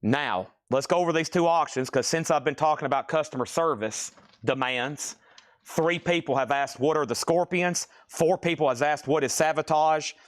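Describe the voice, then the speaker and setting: A man hosting a live-streamed record sale, calling out bids and repeating item names in a casual, rambling way. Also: fairly high pitch. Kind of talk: live-stream auction selling.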